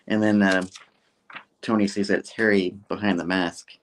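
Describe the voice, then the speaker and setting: A man's voice: low voice, brisk, a little hiss or hum. A man hosting a show, casually recapping a story with lots of fillers. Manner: animated, full of fillers. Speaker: host.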